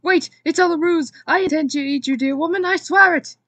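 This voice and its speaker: A woman voicing a big, ugly, scheming male lizard man in a read-aloud storybook, with theatrical, blustering delivery and a slightly breathy tone. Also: mid-range voice, sing-song, normal speed, dry recording. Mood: panicked.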